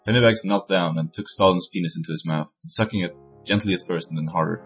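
Brief: deep male voice, deadpan comic reader, faint music underneath. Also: fast talker. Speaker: stream co-host reading fan fiction. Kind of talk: comic dramatic reading.

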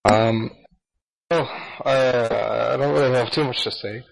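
Brief: male co-host, slow unhurried delivery, hesitant casual chat. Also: medium pitch, rough recording. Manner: hesitant with fillers. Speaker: stream co-host.

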